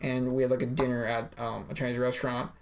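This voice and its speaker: A man's voice: mid-range voice, flat delivery, quick pace, gravelly, noisy background. Rambling young man. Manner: bantering, rambling with restarts. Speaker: podcast co-host. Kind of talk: casual chat.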